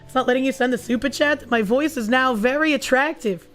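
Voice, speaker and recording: A woman streamer with a hoarse, raspy voice from recent illness, chatting casually and crudely while reading viewer messages. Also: sits high, brisk, soft background music. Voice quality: raspy, husky. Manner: casual and crude, swears often. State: hoarse, losing her voice after illness. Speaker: VTuber streamer. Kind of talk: casual livestream chat reading super chats.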